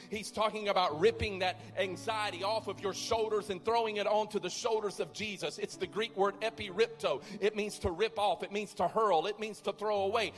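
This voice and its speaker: A man preaching a sermon, reading scripture and explaining it, rising at times to loud, impassioned preaching. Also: high-pitched. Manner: reads scripture aloud then preaches, building to loud impassioned climax. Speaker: pastor. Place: church sanctuary. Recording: long reverb of a large hall, faint music.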